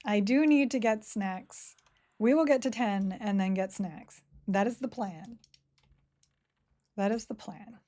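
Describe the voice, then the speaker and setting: A woman's voice: medium pitch, a little slow, warm tone. A woman chatting casually and giggling as she streams a game and reads chat. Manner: chatty, giggly, self-mocking. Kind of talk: casual live-stream chat while playing.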